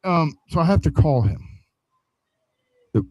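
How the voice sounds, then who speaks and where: On a podcast, a man with a slightly high voice speaks a little slowly as he tells a crude story in casual, profane chat. He's animated, acting out the quoted lines of the people involved. The audio is poor, though there's no echo.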